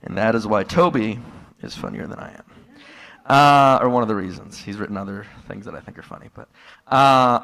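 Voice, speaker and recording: Stand-up comic man in an echoey room. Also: fairly low pitch. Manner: deadpan storytelling that jumps to loud exasperated outbursts. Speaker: stand-up comedian. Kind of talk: stand-up set. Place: live comedy room with an audience. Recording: live room with long hall reverb.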